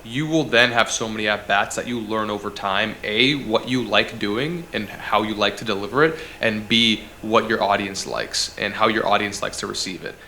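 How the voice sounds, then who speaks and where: Bright-voiced man giving blunt advice. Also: fairly low pitch, normal speed, few pauses, a little hiss or hum. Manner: direct, casual advice-giving. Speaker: guest, content strategist. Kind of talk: casual interview chat.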